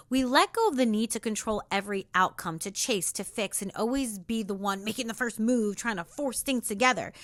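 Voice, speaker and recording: A young woman hosting a spiritual self-help podcast, talking in an earnest, intimate way that moves between soft reflection and sassy encouragement. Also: medium pitch, no room sound. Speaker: podcast host.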